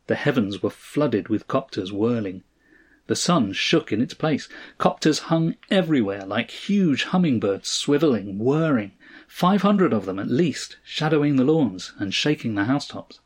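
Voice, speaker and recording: Male narrator, steady measured story reading, mid-range voice. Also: medium pitch, slightly rough. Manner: steady, measured reading, voicing each character. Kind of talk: audiobook reading of a science fiction story.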